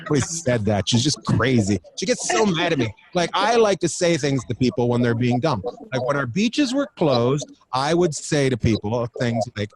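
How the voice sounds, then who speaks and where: A man's voice: medium pitch, sing-song, moderate pace, hardly any pauses. A man doing crowd-work stand-up from a studio, teasing the audience with loose, profane riffing. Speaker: stand-up comedian. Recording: loud audience laughter throughout.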